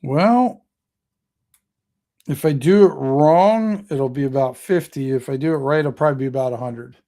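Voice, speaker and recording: A man narrating as game master in a tabletop role-playing game, relaxed and halting, with many fillers. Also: mid-range voice. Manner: relaxed, halting with fillers, voicing characters in quick asides.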